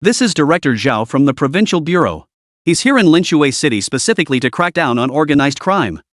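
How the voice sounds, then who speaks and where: A man's voice: a little high, big pitch swings, fairly quick, no echo, clean studio sound. A man voicing a cold, commanding male company executive in a comic recap story. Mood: angry.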